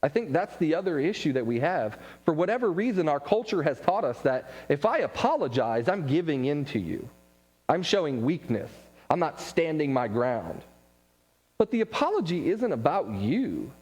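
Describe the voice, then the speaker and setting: A man giving a casual church class talk, telling stories with quick asides and laughs. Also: a little high, big pitch swings, a little mellow, breathy edge. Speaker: Bible class teacher. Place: church room. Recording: long hall reverb.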